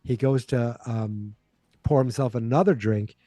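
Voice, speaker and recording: A man's voice: mid-range voice, a little slow, warm tone, no echo. A man hosting a podcast, animatedly recapping a TV episode in casual chat and acting out the characters' lines. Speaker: podcast host.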